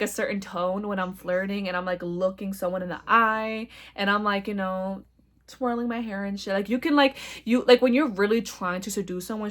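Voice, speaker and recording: A young woman hosting a casual solo podcast, loud and blunt with a slight stutter, talking in a chatty, profane way. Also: medium pitch. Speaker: podcast host.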